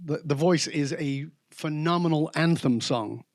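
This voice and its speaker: High-voiced man, dry close sound. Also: dry recording. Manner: animated storyteller who mimics accents and voices; slows down to stress key words. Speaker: podcast guest. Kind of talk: casual conversation.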